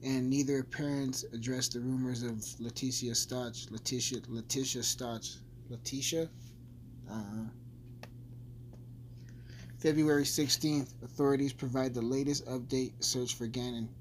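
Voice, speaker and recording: A man's voice: mid-range voice, fairly even intonation, moderate pace, slight background noise. A man giving a casual, blunt, profane recap of a crime case, rambling as he goes. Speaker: true-crime commentator.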